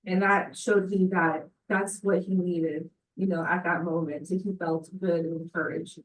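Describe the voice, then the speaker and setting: A woman's voice: fairly low pitch, steady tone, unhurried. A woman, a parent, earnestly sharing a personal story about her son, often saying "you know". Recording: echoey room, voice from a distance.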